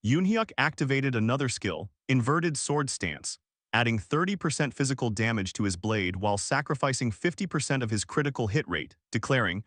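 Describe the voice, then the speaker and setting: Lively male story narrator. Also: mid-range voice, moderate pace, no room sound, studio quality. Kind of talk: scripted story recap narration.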